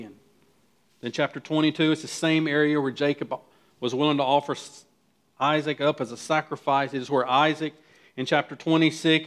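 A man preaching a sermon as pastor, earnest and building to emphatic peaks, with frequent restarts. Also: fairly high pitch.

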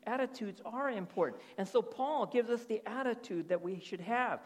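A man's voice: high-pitched, moderate pace. A middle-aged man preaching a sermon as pastor, often checking in with his listeners through rhetorical questions. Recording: reverberant hall.

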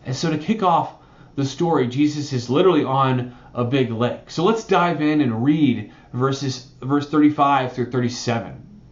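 A man's voice: medium pitch, moderate pace, roomy sound, dull audio. A man preaching a sermon, talking conversationally and often adding "right?" as he explains a Bible passage. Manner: conversational, animated preaching with frequent "right?" asides. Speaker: pastor.

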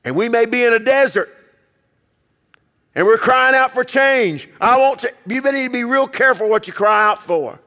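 A man preaching a sermon as pastor, emphatic, acting out quoted voices and dropping low to quiet passages. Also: expressive, normal speed, long reverb tail.

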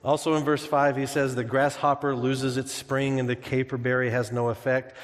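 A man delivers a sermon in a church sanctuary, speaking at a middle pitch in an easygoing, conversational way, with jokes and stories mixed in. His voice carries a long reverb from the large hall. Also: flat delivery, moderate pace. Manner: conversational preaching with humor and anecdotes. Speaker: pastor.

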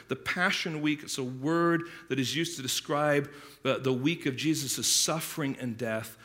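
A man's voice: on the high side, pushed and bright. A man preaching an earnest expository sermon to his congregation, repeating words as he explains a passage. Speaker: pastor.

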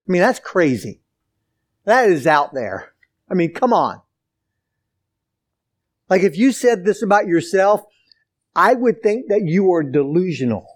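Male pastor, emphatic sermon delivery, unhurried, slightly high register. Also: very animated. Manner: emphatic preaching with repeated phrases, addresses the church directly.

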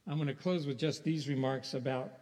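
Brisk and a little mellow, the pastor's mid-range voice carries a conversational sermon full of rhetorical questions and occasional chuckles. The church sanctuary recording has a long hall reverb.

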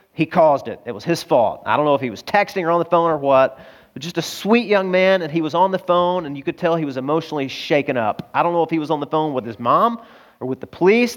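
A middle-aged man preaching a sermon as pastor, earnest and emotional, telling stories to his congregation. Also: on the high side. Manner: earnest, emotional storytelling, addresses crowd as guys.

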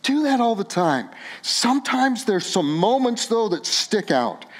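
Male pastor preaching, emotional and impassioned, fairly high voice that swings widely. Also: big pitch swings, unhurried. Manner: impassioned, pleading rhetorical questions; emotional, voice sinking low on personal moments. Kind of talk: sermon.

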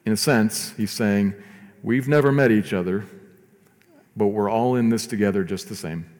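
A man preaching a sermon as pastor, earnest, rising to emphatic lines and dropping to soft, slow ones. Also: on the low side, big-room sound.

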